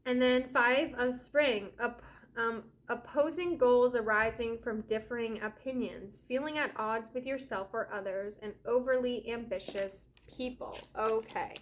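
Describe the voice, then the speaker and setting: A woman's voice: fairly high pitch, steady tone, a little slow. A woman giving a casual, rambling spiritual energy update as a yoga teacher and oracle card reader, talking straight to her viewers. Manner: chatty and rambling, addresses viewers as guys.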